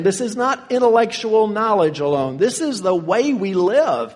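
A man's voice: high voice, lively intonation, moderate pace, few pauses, a little mellow. A man preaching an earnest verse-by-verse sermon, leaning hard on key words as he teaches. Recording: long reverb of a hall.

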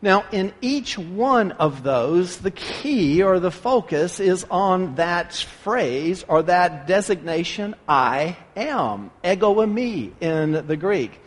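Man, pastor, earnest sermon, halting dramatic pauses, high voice, long hall echo. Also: lively intonation.

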